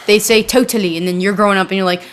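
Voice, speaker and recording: A woman's voice: mid-range voice, flat delivery, a bit bright, smooth. Playful woman, casual podcast banter. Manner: playful, quick to laugh and tease. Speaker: podcast co-host. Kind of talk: casual chat.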